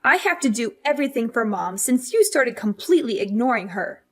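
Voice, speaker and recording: A woman's voice: fairly high pitch, sing-song, brisk. A woman voicing a self-righteous older sister, a married mother, who nags and lectures in a scripted story drama. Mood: lecturing. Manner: nagging, lecturing.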